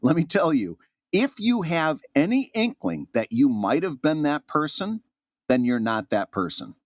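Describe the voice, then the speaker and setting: A man's voice: on the high side, sing-song, unhurried, dry recording, clean studio sound. A man co-hosting a podcast in casual chat, earnest and reassuring, often restarting his sentences. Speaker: podcast co-host.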